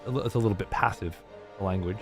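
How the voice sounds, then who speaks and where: A man's voice: fairly low pitch, racing, over music. A man streaming and chatting casually with his audience, blunt, rambling and full of swearing.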